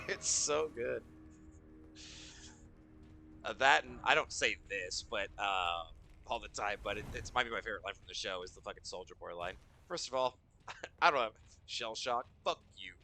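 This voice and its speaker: Low-voiced man chatting while gaming. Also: sharp tone. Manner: swears often, laughs at his own jokes. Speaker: streamer. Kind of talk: casual gameplay commentary.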